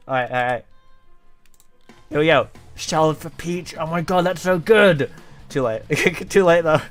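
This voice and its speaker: A man's voice: on the high side, measured pace, pauses often, faint music behind. A man streaming live, chatting playfully with his viewers and often breaking into laughter. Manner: playful, giggly, addresses chat. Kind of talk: casual live-stream chat.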